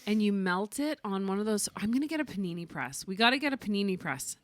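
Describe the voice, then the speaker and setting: A woman co-hosting a podcast, telling stories in a casual, animated way. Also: medium pitch, fast, dry recording. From Canada. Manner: chatty, animated storytelling with playful mock voices. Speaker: podcast co-host. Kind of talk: casual chat.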